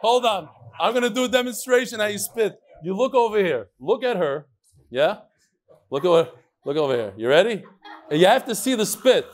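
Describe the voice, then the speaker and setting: A man in middle age with a notably high voice teaches a daily Mishnah class. He talks in a lively, joking way and moves easily between English and Hebrew terms while he walks through a demonstration. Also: moderate pace.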